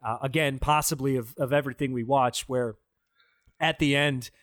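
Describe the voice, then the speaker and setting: A man's voice: mid-range voice, fairly even intonation, normal speed, fairly bright tone, no echo, studio quality. A man in casual podcast chat, reviewing a bad movie with profane, sarcastic jokes. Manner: profane, sarcastic, mocking impressions.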